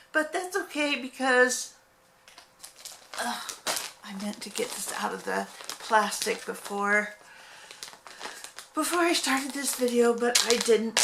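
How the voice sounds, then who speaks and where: A woman's voice: on the high side, creaky, fairly bright tone. A woman casually chatting about her crochet projects in a rambling way, often correcting herself mid-sentence. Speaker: crochet hobby vlogger. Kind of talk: casual show-and-tell chat.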